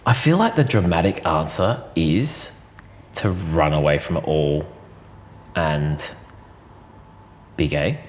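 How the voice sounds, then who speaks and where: An Australian man speaking as an interview guest, earnest and expressive, piling up repeated phrases as he tells his story. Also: rumbling low, slow, pauses often. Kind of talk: heartfelt personal interview. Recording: roomy hall reverb.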